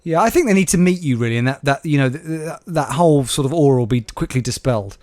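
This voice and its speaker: A man's voice: fairly high pitch, animated, fast, a little mellow, dry recording, studio quality. A young man co-hosting a podcast, riffing sardonic jokes in casual chat. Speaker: podcast co-host.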